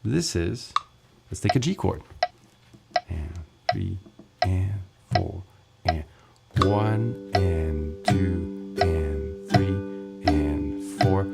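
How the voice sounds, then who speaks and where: Gravelly man counting beats over ukulele. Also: deep voice, drawn-out words, loud music behind the voice. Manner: counts beats aloud while strumming, relaxed and chatty. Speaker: ukulele teacher. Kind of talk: casual music lesson with counting along. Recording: ukulele playing loudly under the voice.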